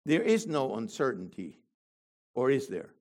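Older man preaching slowly, rising tones. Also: mid-range voice. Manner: animated, rhetorical questions to the congregation. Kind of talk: sermon.

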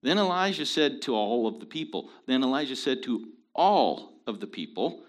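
A man leading a casual Bible study, explaining scripture in an animated, folksy, joking way. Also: medium pitch, normal speed.

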